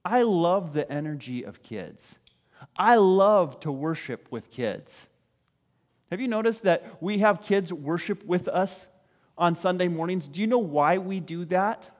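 A male pastor giving a conversational, animated sermon, often putting questions to his congregation. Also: high-pitched, unhurried. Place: church sanctuary. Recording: reverberant church hall.

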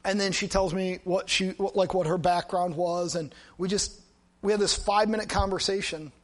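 A middle-aged male pastor with a notably high voice preaches in a relaxed, conversational way. He tells a personal story with lively asides, as if talking to friends. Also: normal speed. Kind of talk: storytelling sermon.

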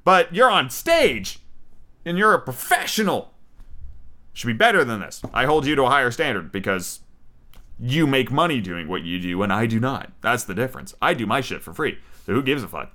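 A man's voice: medium pitch, big pitch swings, normal speed, bright, forceful tone. A man hosting his own podcast, rambling and swearing casually as he gives his opinions, with lots of ums and restarts. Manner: rambling, profane, opinionated, with many fillers. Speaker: podcast host. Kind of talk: casual solo podcast review. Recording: home-made unedited podcast.

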